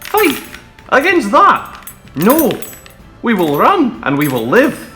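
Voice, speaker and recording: A man's voice: very high-pitched, wildly swooping pitch, slow pace, reverberant, soft background music, exaggerated voice. A man playing rousing rebel leader William Wallace. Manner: rousing, building to shouted peaks. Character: defiant male rebel leader rousing troops.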